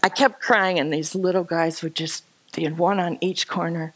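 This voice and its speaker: A woman telling an animated, self-deprecating personal story at a church gathering, laughing often. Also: lowish voice, fairly quick. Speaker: speaker sharing a personal story. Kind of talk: storytelling talk with slides.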